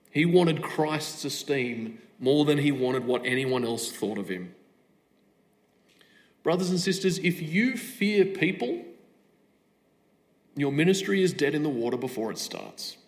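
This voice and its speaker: A man delivers a sermon with a slightly raised pitch. He presses his points through repeated rhetorical questions and firm stress, addressing the congregation directly. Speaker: preacher.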